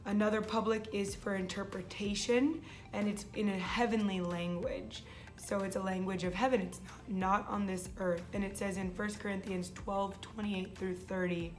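A woman's voice: mid-range voice, little pitch movement, normal speed, soft background music. A young woman hosting her faith vlog, talking casually and eagerly, often restarting her phrases. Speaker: vlog host.

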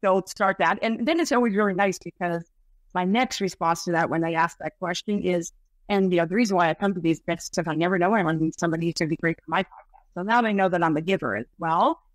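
A woman's voice: fairly low pitch, fast, no room sound. Woman, podcast host, chatty, lots of fillers, dry close sound. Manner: chatty, many fillers like right and you know. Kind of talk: podcast interview.

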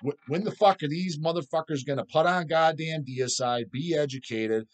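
A man's voice: fairly high pitch, moderate pace. A man hosting his own channel, answering viewer questions in a blunt, crude, constantly swearing rant. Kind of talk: profane casual rant.

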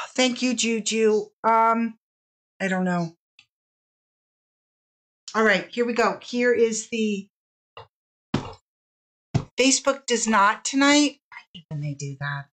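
A woman's voice: a little high, lively intonation, slow pace, long pauses, fairly bright tone, low-quality recording. A woman hosting a live-streamed fabric sale, chatting casually, gushing over the fabrics and apologizing often.

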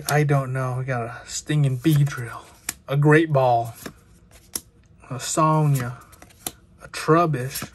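A young man chatting excitedly with lots of filler words while opening trading card packs. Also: on the high side. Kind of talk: casual unboxing commentary.

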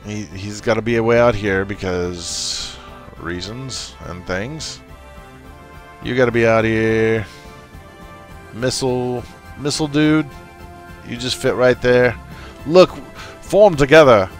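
A man's voice: mid-range voice, slow pace. Goofy man narrating his strategy game. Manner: goofy, talks to his units. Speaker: gameplay commentator. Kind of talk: casual let's play commentary. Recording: faint game music and artillery behind.

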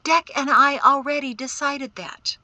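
A woman reading an audiobook, voicing a calm and determined young woman who refuses to leave her home. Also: high voice, a little slow, dry recording, pitched above the performer's own voice, heavily acted. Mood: resolute. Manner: cool and resolute.

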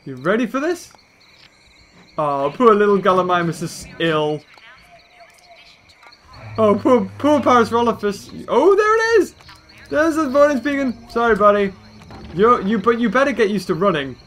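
A man giving excitable let's-play commentary as a gaming video host, exclaiming at the action on screen. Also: high voice, moderate pace, pauses often, slight background noise.

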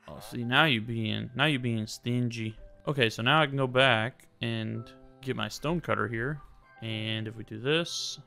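A young man casually commenting while he plays a game, chatting to the game characters and turning suddenly loud when surprised. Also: medium pitch, unhurried, vocal fry. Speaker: gaming YouTuber. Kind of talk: casual let's-play commentary. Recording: faint music behind.

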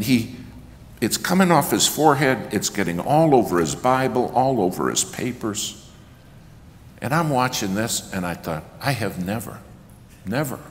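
A man preaching a sermon in a church, telling a story with lively acted-out quotes that build to loud, raised passages. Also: on the low side, a little hiss or hum. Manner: animated storyteller acting out quotes, rising to shouts. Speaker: guest preacher. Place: church sanctuary. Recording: reverberant church hall, faint ambience.

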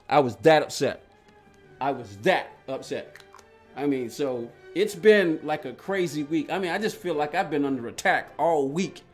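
A man live-streaming a racing game talks in a high, bouncy voice that swings widely in pitch. He tells stories in loops, restarting and repeating phrases, then turns to read and answer his chat. Faint game music plays underneath. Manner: rambling, repetitive storytelling with frequent restarts; reads and answers chat aloud. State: agitated while recounting.

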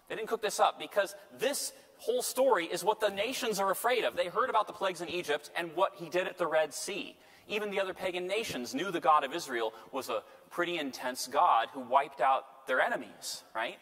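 A man's voice: high-pitched, lively intonation, brisk, fairly bright tone. A male priest giving a conversational Bible study lecture, checking in with his listeners as he goes. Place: parish lecture room. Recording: long hall reverb.

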